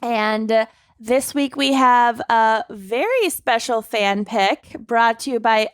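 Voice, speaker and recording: A woman's voice: a little high, takes it slowly, clean tone, no room sound, clean studio sound. A young adult woman co-hosting a podcast, chatting casually with giggles and lots of "like"s. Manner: giggly, rambling with many "like"s. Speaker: podcast co-host. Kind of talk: casual chat.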